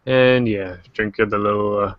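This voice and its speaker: A man hosting a casual livestream discussion, joking and animated. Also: fairly low pitch, moderate pace, dry recording, muffled recording. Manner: joking, animated, quotes characters in silly voices. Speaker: host.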